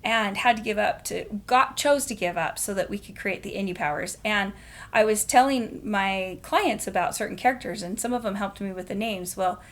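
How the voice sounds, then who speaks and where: A woman hosting a podcast, telling a story in a casual, animated way and laughing often. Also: medium pitch, moderate pace. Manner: animated, laughs often, acts out quoted voices. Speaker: podcast host.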